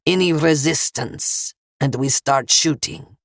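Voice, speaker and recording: A woman's voice: sits low, slow pace, gravelly, no echo, clean studio sound, exaggerated voice. A woman voicing a menacing male gunman with a Russian accent, cold and smirking, in an audiobook. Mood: calm threatening.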